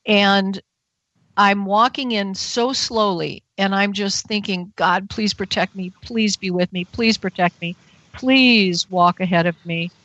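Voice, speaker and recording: A woman's voice: medium pitch, a bit bright, no room sound, highs cut off. A woman guest on a talk radio show, telling a personal story with animation and acting out her own frightened thoughts.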